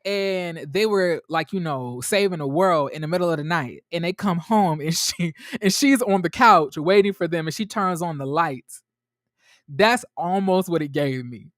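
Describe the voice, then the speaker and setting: A man reviewing a TV episode for his viewers in a chatty, animated way, talking straight to them and often restarting his sentences. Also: a little high, moderate pace, no room sound, clean studio sound. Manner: restarts and trails off a lot. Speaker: TV show reviewer. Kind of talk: casual episode recap to viewers.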